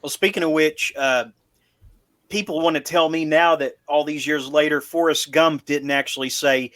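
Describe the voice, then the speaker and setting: A man's voice: on the high side, steady tone, normal speed, fairly bright tone. A man co-hosting a casual podcast chat, rambling with restarts and wry asides. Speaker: podcast co-host.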